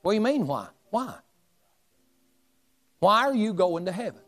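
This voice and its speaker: Male preacher, 40s, higher-pitched, spinning funny tales from the pulpit over faint music. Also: normal speed. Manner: folksy, humorous, animated storytelling. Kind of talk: storytelling sermon.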